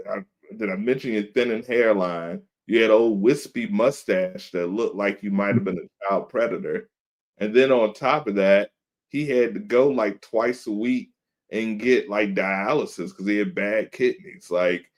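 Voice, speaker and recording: A podcast host with a fairly low voice tells a story at a normal speed. He is casual and animated, putting on voices to act out the other people in it.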